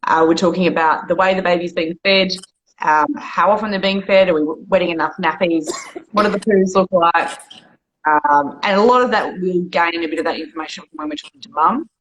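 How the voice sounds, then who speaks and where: A woman GP talks through her work in a relaxed, chatty podcast style. Her voice sits a little low, and she explains things with easy fillers. A faint hiss runs underneath. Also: brisk, highs cut off. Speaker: GP guest. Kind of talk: casual podcast chat.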